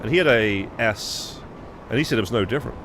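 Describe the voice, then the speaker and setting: A man's voice: on the low side, brisk, a bit bright, a little hiss or hum. A young British man streaming a game, chatting casually and rambling with restarts and swearing. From United Kingdom. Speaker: live streamer. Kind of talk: casual gaming stream chat.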